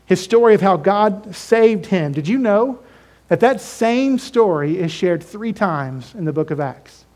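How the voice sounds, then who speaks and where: A man's voice: high voice, darkish tone. A man preaching a sermon, emphatic and repetitive, putting questions to his congregation. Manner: emphatic, repeats phrases, asks the congregation questions.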